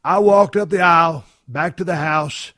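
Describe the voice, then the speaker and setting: A man's voice: fairly high pitch, moderate pace, sharp tone, no echo, clean studio sound. A man telling a tall tale as a podcast host, folksy and profane. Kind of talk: comic storytelling.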